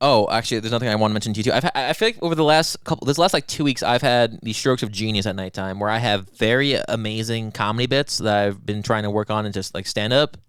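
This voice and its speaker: Fast-talking young man telling crude stories. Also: fairly low pitch, clean tone, dry recording, clean studio sound. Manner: crude, animated storytelling with acted-out self-quotes. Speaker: podcast co-host. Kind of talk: casual podcast banter.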